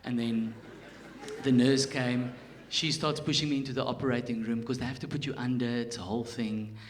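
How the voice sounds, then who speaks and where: A South African man in his thirties doing a stand-up set on a theatre stage, telling a story with animated swings in volume. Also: mid-range voice, fairly quick. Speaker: stand-up comedian. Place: theatre stage, live audience. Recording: live theatre recording with hiss.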